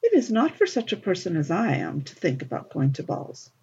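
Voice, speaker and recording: Woman voicing a shy young servant girl, soft and timid, breathy, lively pitch. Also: fairly quick, heavily acted. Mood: meek. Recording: dull lo-fi recording.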